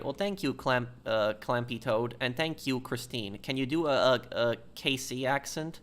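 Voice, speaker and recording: A man's voice: medium pitch, normal speed, a bit bright. A man chatting casually on a live game stream, talking straight to his viewers and answering them.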